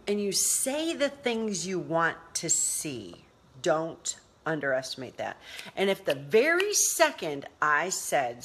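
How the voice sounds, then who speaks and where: A middle-aged woman giving motivational talk in a casual live stream, animated and laughing, walking through her morning routine with a phone in hand. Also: lowish voice, moderate pace. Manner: animated, laughing, acts out quotes dramatically. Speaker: motivational vlogger.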